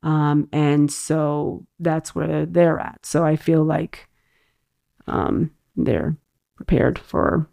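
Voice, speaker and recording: Slow, low-voiced woman guest. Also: creaky, warm tone. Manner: thoughtful, many "um" pauses. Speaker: teacher and podcast guest. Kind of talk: casual conversational interview.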